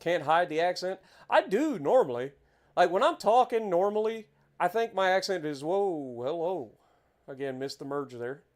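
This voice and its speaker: A man with an Appalachian accent talks casually through a gameplay stream. His voice sits slightly high for a man, and he is chatty and quick to exclaim over the scenery. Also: expressive. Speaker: game streamer.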